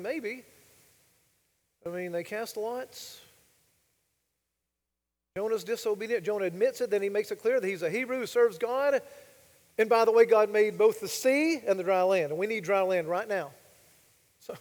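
Guy pastor giving a sermon, kinda high voice, keeps asking the crowd right?, big reverb hall. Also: moderate pace, long pauses, darkish tone. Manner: emphatic, asks the congregation rhetorical questions.

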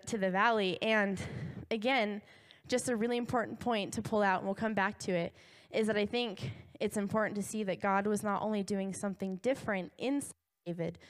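A young woman preaching to a congregation, retelling a story in a casual, animated way full of asides and quick laughs. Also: medium pitch.

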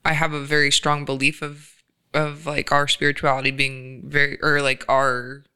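A man's voice: fairly high pitch, completely flat delivery, normal speed, sharp tone, smooth. A man in casual, reflective podcast conversation, laughing often and using many fillers. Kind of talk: casual chat.

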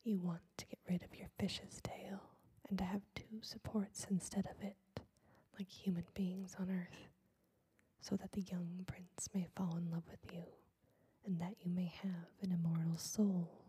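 A woman's voice: on the low side, flat delivery, measured pace, mellow, slight background noise, close to an everyday voice. A woman voicing a cruel, scheming sea witch in a whispered role-play, cold and mocking. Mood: mocking menace.

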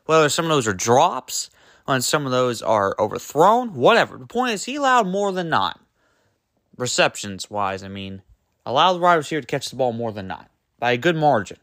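A man hosting his own sports podcast, ranting in an exasperated, emphatic way, full of rhetorical questions and quick self-corrections. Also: mid-range voice, sing-song, fairly bright tone, no echo, clean studio sound. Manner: loose and rambling, trips over words and self-corrects. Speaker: podcast host. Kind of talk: solo sports podcast rant.

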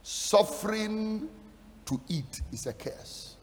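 A man delivering a fiery sermon, his high voice swooping widely as he stresses each point. He builds from low, measured lines into shouted declarations. The long reverb of a large hall trails after every phrase. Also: expressive. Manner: emphatic, rising into shouted declarations. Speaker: preacher.

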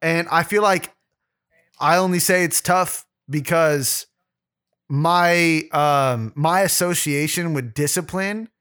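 A man's voice: on the high side, takes it slowly, fairly bright tone, clean tone. A man co-hosting a podcast, telling rambling, profane stories in casual chat with lots of restarts. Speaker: podcast co-host.

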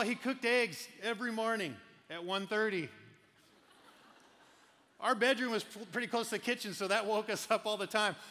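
A man preaching a sermon, telling animated personal stories and laughing often. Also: extremely high pitch, long reverb tail. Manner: animated storyteller, laughs often, quotes people. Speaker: pastor.

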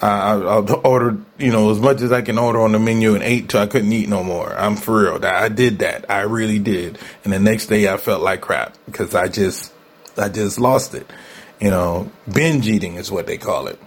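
Man, talk show host, solo monologue, candid, conversational, slightly low voice. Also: moderate pace. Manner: candid, conversational, laughs often, repeats for emphasis.

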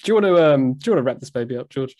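A man's voice: medium pitch, lively intonation, racing, a little mellow. A man in his twenties, co-hosting a casual podcast, teasing his friend and laughing often. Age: 20s. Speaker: podcast co-host. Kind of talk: casual chat.

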